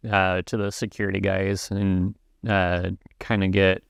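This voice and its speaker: A man with a low, smooth voice talks through his plan at a tabletop game, stopping often on uh and like. The sound is close and dry. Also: flat delivery, unhurried, no room sound. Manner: hesitant, many uhs and likes. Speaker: player.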